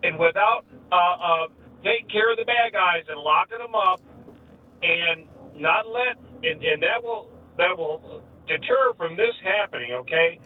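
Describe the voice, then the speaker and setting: A man calls in to a talk show over a thin, phone-like line, with his voice set a little higher than most men's. He sounds far from the mic, with faint noise underneath. He talks haltingly and emotionally, stumbling over and repeating his words. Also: animated. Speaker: caller. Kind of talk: emotional call-in to a radio show.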